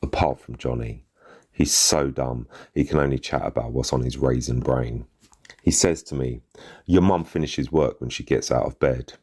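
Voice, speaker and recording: Very deep husky male storyteller. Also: normal speed, darkish tone. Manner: gritty street slang, bitter. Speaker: narrator. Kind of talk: first-person short story reading.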